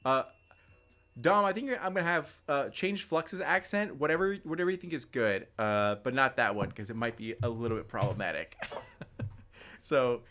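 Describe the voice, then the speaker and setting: A man running a tabletop game on a livestream, chatty and quick to laugh. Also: mid-range voice, sharp tone. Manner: laughing often, loose and chatty. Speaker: game master.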